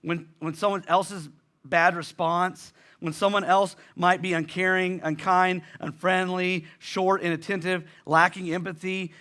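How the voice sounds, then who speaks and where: Male pastor, high bright voice; conversational sermon delivery, repeats lines for emphasis. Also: flat delivery, measured pace.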